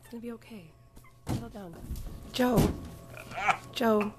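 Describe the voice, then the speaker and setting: Dry, teasing young woman over loud hiss. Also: on the high side, measured pace. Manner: teasing and dry, calmly settling him down. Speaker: friend on a vlog. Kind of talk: casual chat. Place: indoor vending machine room. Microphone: handheld camera held by a companion. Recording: hissy handheld camera audio.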